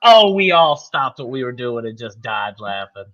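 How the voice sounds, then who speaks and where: A man co-hosting a podcast, telling stories in casual chat in an animated way and laughing. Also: medium pitch, moderate pace, highs cut off. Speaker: podcast co-host.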